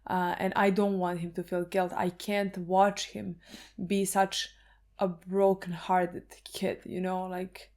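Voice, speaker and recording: A woman's voice: fairly low pitch, flat delivery, slow, darkish tone. A woman reacting to an anime episode in casual chat, earnest and emphatic, swearing now and then.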